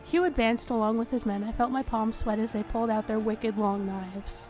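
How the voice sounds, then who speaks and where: A woman host reads a story game's first-person narration aloud in a steady way. Her voice is fairly high, and faint music runs underneath. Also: moderate pace. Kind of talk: reading a story game aloud.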